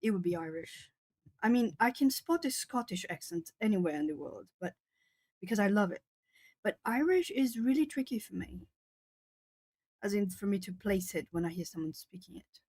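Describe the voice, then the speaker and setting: A woman's voice: mid-range voice, lively intonation, moderate pace, a little mellow, no room sound. A young woman chatting casually with viewers and reading their comments aloud; she laughs often and repeats or restarts words. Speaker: art channel host.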